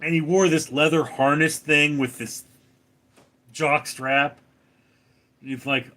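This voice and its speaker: Male streamer with a fairly high voice and an unhurried pace, reads chat aloud and answers with dry jokes. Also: fairly even intonation, bright, forceful tone. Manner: reads viewer comments aloud and answers them, wry and joking. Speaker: livestream host reading chat. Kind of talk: casual live chat.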